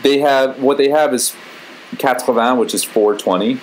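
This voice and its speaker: A man co-hosting a casual chat, telling stories with lively jumps into high excited voices. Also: normal speed, a little hiss or hum, low-quality recording. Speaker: co-host.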